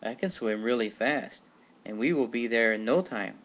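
A man reading a children's storybook aloud and voicing a kind, brave young male blue turtle in a gentle, friendly voice. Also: mid-range voice, moderate pace, lightly acted.

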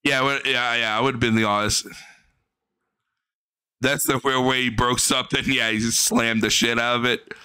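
A man talking through a reaction stream in a bright, crisp voice. He is casual and profane, and he mocks what he watches. He laughs often. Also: medium pitch, level tone, normal speed, long pauses.

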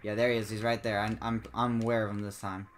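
Fast and excitable, a man gives comically dramatic let's play commentary full of high squeaky exclamations. Faint game music and slight background noise sit behind his voice.

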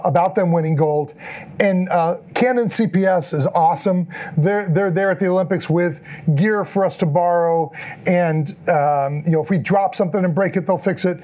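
A middle-aged man giving a storytelling talk as an event photographer, acting out the lines people said. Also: high-pitched. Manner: animated, acts out quoted lines in the story. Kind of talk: storytelling presentation.

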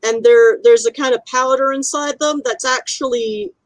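A woman's voice: sits high, steady tone, normal speed, dry recording, rough recording. Chatty woman game master, dry sound. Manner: chatty, descriptive, many fillers. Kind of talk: narrating a tabletop role-playing game.

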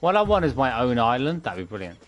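A young man streams a game and rambles through playful, casual commentary, with humming and silly sound bits. He talks fast at medium pitch with big pitch swings, and the recording is muffled.

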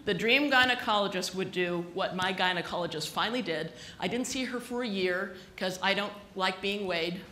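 In an echoey conference hall with a live audience and a noisy background, a woman gives a comic keynote speech. Her mid-range voice moves at a moderate pace with few pauses as she tells chatty, self-mocking stories.

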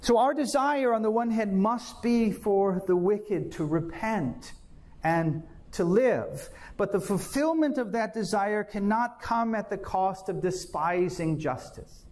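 A man with a fairly high voice preaches from the pulpit. He reads scripture with earnest, dramatic weight and then explains it in a steady sermon voice. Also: a little slow. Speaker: pastor.

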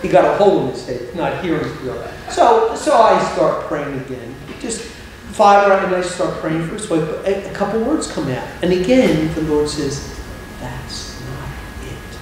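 A middle-aged man, an evangelist, telling a story in a sermon with lively humorous asides, recorded in a church hall. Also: fairly high pitch, moderate pace, a little hiss or hum. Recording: very echoey hall, faint ambience.

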